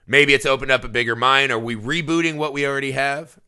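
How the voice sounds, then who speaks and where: A man's voice: medium pitch, fast, clean tone. A man and father co-hosting a casual movie chat, swearing freely and laughing as he tells stories. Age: adult father. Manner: profane, animated storytelling with laughs. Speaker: podcast co-host.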